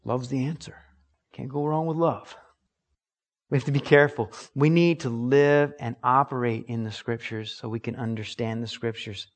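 A man's voice: mid-range voice, normal speed. A man preaching a sermon as pastor, earnest and emphatic, acting out little examples.

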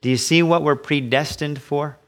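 A middle-aged man preaching a sermon as pastor, emphatic, rising high when he acts out voices. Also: steady tone, moderate pace, a bit bright. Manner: emphatic preaching, pitch rising sharply on quoted asides.

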